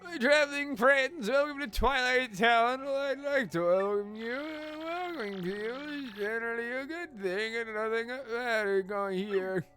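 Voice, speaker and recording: A man putting on a slow, mumbling old mayor. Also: very high-pitched, sharp tone, faint music behind, pitched above the performer's own voice, exaggerated voice. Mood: worried. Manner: spoken without moving the lips, stiff and mumbly. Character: fretful rambling elderly male town mayor. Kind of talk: reading game dialogue aloud in character.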